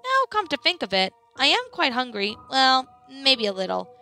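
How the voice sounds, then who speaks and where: A woman voicing a gloating, cackling wicked witch in a storybook reading, pitched higher than her narration. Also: huge pitch swings, moderate pace, sharp tone, faint music behind, full character voice. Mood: musing.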